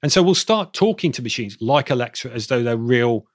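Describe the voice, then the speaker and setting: A man from Bristol with a southern English accent answers interview questions at length as an expert guest. His mid-range voice is animated and fairly quick, and he rambles, corrects himself, and often restarts sentences. The sound is studio quality with no room echo.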